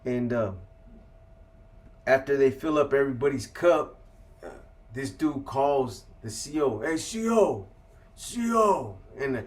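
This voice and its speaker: A man from California spinning a long story in casual, laid-back street slang, swearing freely as he goes. His pitch sits at an ordinary middle level for a man, and his delivery stays unhurried and conversational. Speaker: interview guest.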